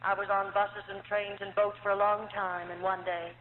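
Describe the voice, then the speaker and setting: A woman's voice: medium pitch, little pitch movement, moderate pace. A woman from the United States telling her life story as a dramatic, emotional testimony in a church hall. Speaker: testimony speaker. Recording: tinny old recording in an echoey hall.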